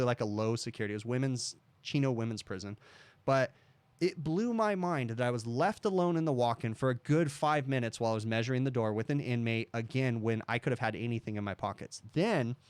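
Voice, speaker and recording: A man's voice: medium pitch, dry recording. A man hosting a casual livestream, telling a long story in a rambling way and often checking in with "okay?". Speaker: livestream host, HVAC technician.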